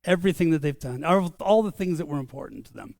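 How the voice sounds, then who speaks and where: An older man preaching a sermon as pastor, earnest and conversational, slowing down for solemn lines. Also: on the high side, darkish tone, dry recording. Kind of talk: sermon storytelling. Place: church sanctuary.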